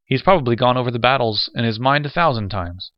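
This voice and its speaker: A man voicing an eager young lieutenant in his twenties who speaks excitedly. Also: medium pitch, fast, dry recording, muffled recording, pitched above the performer's own voice, close to an everyday voice.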